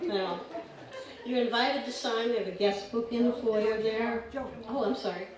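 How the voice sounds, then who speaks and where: A woman's voice: a little high, steady tone, moderate pace. A woman serving as congregation treasurer, welcoming visitors in a casual, hesitant way with many ums and little laughs. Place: church sanctuary. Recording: echoey hall from far off, background noise.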